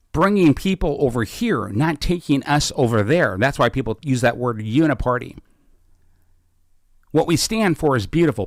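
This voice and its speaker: A man's voice: fairly high pitch, dry recording, studio quality. Fervent man hosting a political podcast. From Washington State. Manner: fervent, builds to emphatic slow declarations. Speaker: podcast host. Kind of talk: impassioned political talk. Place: small home studio.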